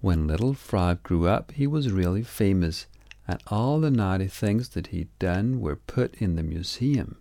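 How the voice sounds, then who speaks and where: A man reading a children's story aloud in slow, measured storybook narration. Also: low-pitched, expressive, gravelly, mellow, no echo, clean studio sound.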